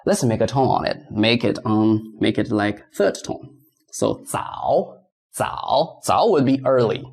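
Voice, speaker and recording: A man's voice: expressive, gravelly, darkish tone. Patient teacher, man. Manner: patient, repeats sounds slowly, bouncy pitch on tones. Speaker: Mandarin teacher. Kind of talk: beginner pronunciation lesson.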